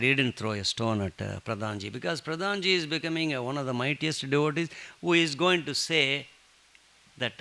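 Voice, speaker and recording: A man leading a satsang, telling a devotional story with lively joking asides. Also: mid-range voice, moderate pace, gravelly. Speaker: satsang speaker.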